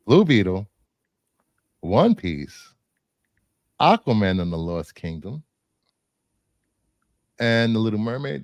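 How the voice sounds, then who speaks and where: A man's voice: fairly low pitch, creaky, dry recording. A man co-hosting a casual chat, rambling through his film picks with fillers and the odd laugh. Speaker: co-host presenting film picks.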